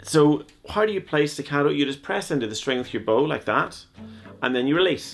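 A man with a gravelly, creaky voice gives a cello lesson and talks through each technique step by step. He keeps it chatty and drops in small jokes, with faint music in the background. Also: a little high, animated, brisk. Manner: chatty, jokey step-by-step explaining. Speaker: cello teacher.

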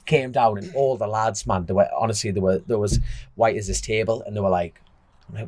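A man with a low, husky voice spins a rambling anecdote in relaxed podcast chat. His delivery is blunt and informal, with slight roughness in the tone. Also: a little fast, no room sound. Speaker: podcast co-host. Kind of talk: casual chat, storytelling.

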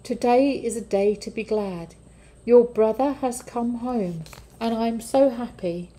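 A woman voicing a loving, forgiving father in a storybook reading, warm and joyful. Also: on the high side, unhurried, pitched above the performer's own voice, close to an everyday voice. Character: loving, forgiving father, middle-aged man.

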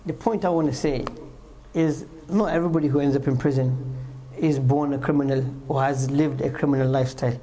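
Guy giving a mosque talk, tells stories, repeats stuff for emphasis, warm low-key voice. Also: fairly even intonation, fairly quick, slight background noise, low-quality recording. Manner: storytelling, acts out quotes, emphatic repetition. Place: mosque hall.

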